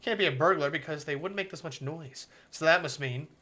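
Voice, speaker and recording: A man's voice: fairly high pitch, fairly quick, pushed and bright. A male streamer reading a visual novel aloud, mixing narration with playful, profane jokey asides.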